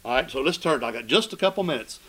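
A man preaching a sermon, asking questions of his listeners and swinging between loud emphatic cries and hushed low asides. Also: animated, fast, husky, poor audio.

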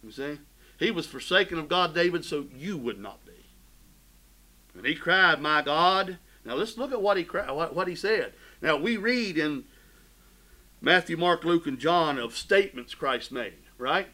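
A man preaching a sermon, fervent, swelling loud and dropping low as he drives his points home. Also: expressive, measured pace, poor audio. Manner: fervent preaching with sudden swells and drops in volume. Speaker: pastor.

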